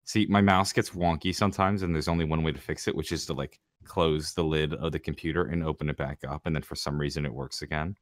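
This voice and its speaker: Male podcast co-host, relaxed chatter, extremely deep voice, dry close sound. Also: quick pace, few pauses, no echo. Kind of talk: casual chat.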